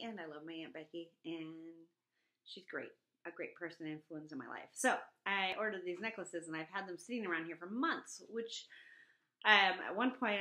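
A middle-aged woman chatting casually at home, animated, jumping into a high voice when she quotes people. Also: reverberant. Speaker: vlogger. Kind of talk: casual chat.

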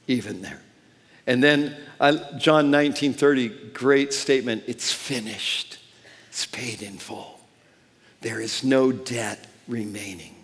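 Man preaching in an echoing church hall. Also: fairly high pitch. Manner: impassioned, rising to shouts on scripture; drops to a soft, hushed tone. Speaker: pastor. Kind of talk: sermon. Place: church sanctuary.

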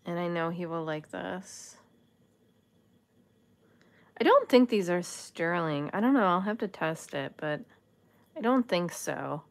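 Slow, gravelly-voiced woman vlogger. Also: on the low side, animated. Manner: musing, chatty, talks to the items. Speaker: thrift jewelry haul vlogger. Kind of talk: casual unboxing chat.

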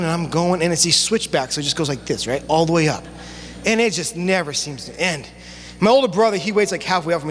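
High-voiced young pastor preaching in a hall. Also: male voice. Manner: conversational storytelling, animated, casual slang. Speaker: youth pastor. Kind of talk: sermon. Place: church sanctuary. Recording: long church hall reverb, faint hum.

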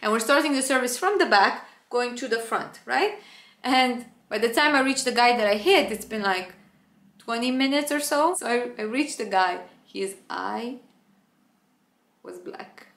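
Animated woman vlogger. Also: fairly high pitch, measured pace. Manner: animated, dramatic retelling with acted-out quotes. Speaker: former flight attendant. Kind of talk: casual storytelling to camera. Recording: roomy echo with faint background music.

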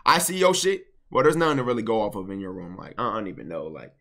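Young male streamer, bossy fast coaching, bright lively voice, headset mic. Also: fairly low pitch, gravelly. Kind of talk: casual stream chat. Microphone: gaming headset.

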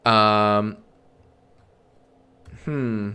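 A man streaming a comedy bit, bantering with himself in a deadpan, sarcastic way and swearing often. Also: lowish voice, extremely slow, smooth.

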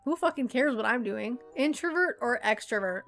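A woman's voice: fairly high pitch, animated, normal speed, fairly bright tone, faint music behind. A Canadian woman in her twenties, a YouTuber bluntly answering viewer questions with lots of swearing and jokes. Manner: blunt, profane and joking.

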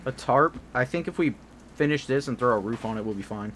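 A man hosting a gaming video, chatting casually through gameplay, excitable and quick to swear. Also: mid-range voice. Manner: swears often, excitable reactions. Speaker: gaming channel host. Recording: noisy game capture.

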